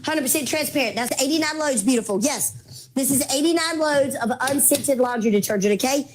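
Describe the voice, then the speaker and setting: A woman hosting a casual live-stream sale, chatting with viewers, calling them baby girl and mama, with her voice going hoarse from talking. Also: high voice, brisk, a little hiss or hum. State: losing her voice.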